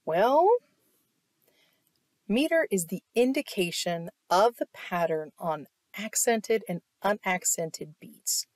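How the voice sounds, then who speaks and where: Woman music teacher, online lecture, unhurried and patient, dry booth sound. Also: mid-range voice, lively intonation, darkish tone, no room sound. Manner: explanatory, asks "right?" often, claps to demonstrate.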